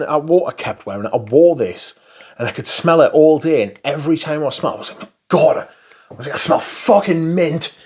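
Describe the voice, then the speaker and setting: A man chatting casually and enthusiastically about perfumes, swearing freely and rambling between thoughts. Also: on the high side. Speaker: fragrance reviewer. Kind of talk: casual chat.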